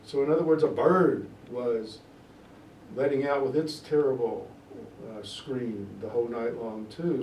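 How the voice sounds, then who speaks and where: A middle-aged male tutor who reads scenes aloud with lively emphasis and stops to explain them plainly. He sounds set back from the mic in an echoey classroom with a faint hiss underneath. His voice sits at an ordinary middle pitch. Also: measured pace. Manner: animated reader, stretching key words, explaining in plain asides. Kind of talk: reading and explaining Shakespeare aloud. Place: classroom in a church tutoring program. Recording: echoey room, distant mic, faint noise.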